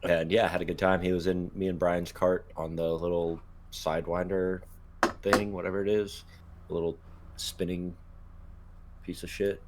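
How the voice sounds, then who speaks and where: A man's voice: low-pitched, level tone, moderate pace, noisy background. A man co-hosting a casual podcast, laid-back and swearing now and then, trailing off with ums. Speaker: podcast co-host.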